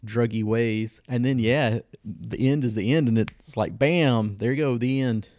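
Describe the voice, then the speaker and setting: A man's voice: medium pitch, steady tone, moderate pace, warm tone, dry recording. A man co-hosting a podcast, casually reviewing shows in a laid-back way and giving dry verdicts. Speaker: podcast co-host.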